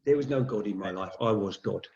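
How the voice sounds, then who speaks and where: A man's voice: lowish voice, brisk, creaky, a little mellow, a little hiss or hum. A man talking candidly and reflectively as a guest in a casual conversation. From Great Britain. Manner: candid, reflective, speaks of sobriety. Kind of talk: casual chat. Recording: dull lo-fi sound.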